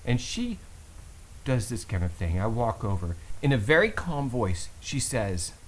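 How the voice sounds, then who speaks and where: Animated storytelling man with lively pitch. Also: unhurried, a little hiss or hum, low-quality recording. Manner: expressive, swings from low asides to loud exclaims. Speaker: Catholic vlogger.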